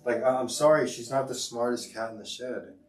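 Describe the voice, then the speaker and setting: A man's voice: mid-range voice, a little fast. A middle-aged man, a teacher hosting a casual livestream, rambling with many fillers and restarts. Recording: echoey room, far from mic, music behind.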